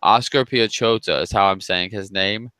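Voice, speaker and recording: A man co-hosting a casual sports chat, chatty and quick to laugh at himself. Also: on the low side, pushed and bright, clear, resonant tone, no echo. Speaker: podcast co-host.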